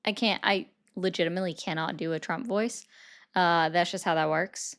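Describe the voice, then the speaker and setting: A woman with a lowish, slightly bright voice talks at a moderate pace in the middle of a political livestream. She chats loosely with viewers and answers their comments offhandedly, reacting to chat with sarcasm and dry jabs.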